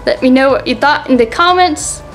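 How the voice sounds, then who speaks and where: A woman reading a short story aloud in a slow, sing-song storybook manner. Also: sits high, a bit bright, faint music behind, low-quality recording.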